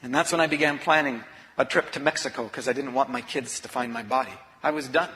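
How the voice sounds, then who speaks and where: A man's voice: mid-range voice, fast talker, slight background noise. Earnest man telling his story in a hall. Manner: earnest confessional storytelling that swings from hushed to intense. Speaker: author and speaker. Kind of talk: personal storytelling talk. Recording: long reverb of a large hall.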